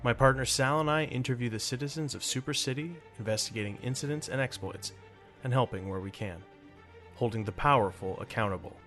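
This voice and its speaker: A man reading a scripted show introduction in a measured, announcer-like way. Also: medium pitch, a bit bright, soft background music.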